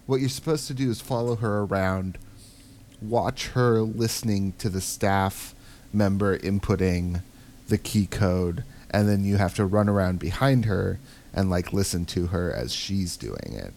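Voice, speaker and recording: A man's voice: low voice, measured pace, creaky, a little mellow, slight background noise. A man co-hosting a podcast, chatting casually about a video game and thinking aloud with frequent ums. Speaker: podcast co-host.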